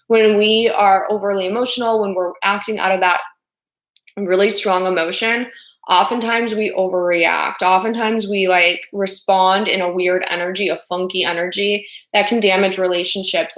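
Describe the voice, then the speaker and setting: Woman, life coach on a livestream, chatty and loose, mid pitch, roomy echo. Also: fairly bright tone. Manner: chatty, full of "like" and "you know", acts out quoted voices. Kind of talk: casual livestream talk to viewers.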